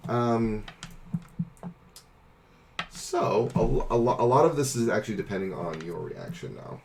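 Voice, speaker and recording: A man narrating as game master of a tabletop game, laid-back and chuckling, with sudden shouted sound effects. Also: lowish voice, expressive, measured pace, vocal fry, a little hiss or hum.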